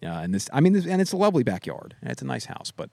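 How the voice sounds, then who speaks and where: A man's voice: mid-range voice, big pitch swings, very fast, vocal fry, mellow, no room sound. A man co-hosting a casual podcast, rambling and laughing as he talks. He holds a handheld mic in a backyard, and the sound is dry and close. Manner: rambling, laughing, swearing freely. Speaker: podcast co-host. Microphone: handheld microphone.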